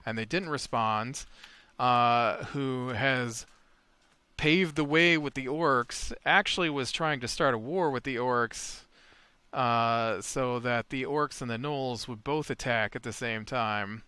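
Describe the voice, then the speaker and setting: Slow, bright, crisp male gamer. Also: mid-range voice, no echo. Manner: rambling, with many fillers and restarts; retells a tabletop session while building. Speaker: Minecraft let's play host. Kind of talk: casual game commentary and storytelling.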